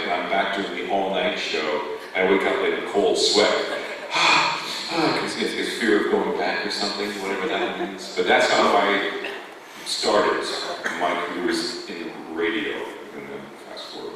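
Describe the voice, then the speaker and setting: Deep-voiced man in an echoey hall. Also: unhurried. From Canada. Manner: rambling, self-deprecating anecdotes. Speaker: panelist. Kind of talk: convention panel storytelling. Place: convention hall. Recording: echoey hall from far off, noisy.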